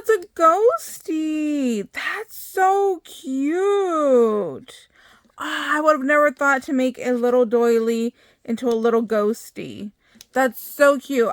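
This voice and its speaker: A woman's voice: fairly high pitch, dry recording. Chatty woman with a dry close sound. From United States. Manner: gushing, excitable, many exclamations. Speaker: crafting vlogger opening happy mail. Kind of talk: casual chat.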